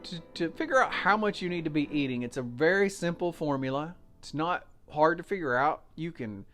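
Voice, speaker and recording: A man's voice: a little high, expressive, fairly quick, fairly bright tone, soft background music. An American man hosting a solo podcast, chatting casually and walking listeners through simple numbers step by step. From United States. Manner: chatty, folksy, explains step by step with fillers. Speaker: podcast host.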